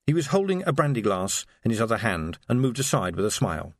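Expressive man reading an audiobook. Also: mid-range voice, quick pace, dry recording. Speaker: narrator. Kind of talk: audiobook narration.

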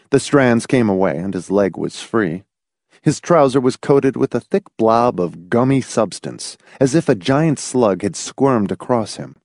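A man's voice: on the low side, darkish tone, no echo, clean studio sound. A man reading a suspenseful story aloud in a dramatic narrating style. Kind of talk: scripted audiobook narration.

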